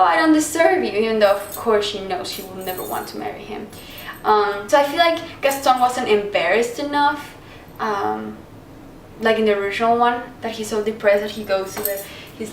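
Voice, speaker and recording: A woman casually reviewing a film, chatty and animated, acting out quotes in high voices. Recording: echoey room, distant mic, faint noise.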